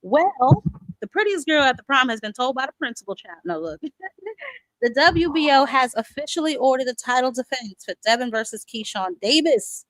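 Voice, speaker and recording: A woman's voice: high voice, animated, normal speed, a bit bright, no room sound, rough recording. A woman hosting a boxing talk show in a casual live-stream chat, sassy and chatty, calling viewers "honey" and "child" and greeting them by name.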